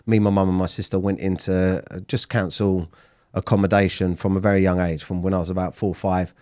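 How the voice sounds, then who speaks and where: A man's voice: low-pitched, little pitch movement, a little fast, darkish tone. A man in his thirties, a comedian, talking bluntly in an interview, swearing freely and often restarting his sentences. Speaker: comedian guest. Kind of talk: candid interview talk.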